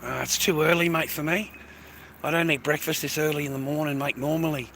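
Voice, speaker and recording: A man's voice: a little high, steady tone, fairly quick, bright, forceful tone, a little hiss or hum. A middle-aged man, rambling and swearing while livestreaming on a phone, tired and coughing. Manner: swearing, rambling, calls listeners mate. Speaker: live streamer. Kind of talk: rambling casual livestream chat.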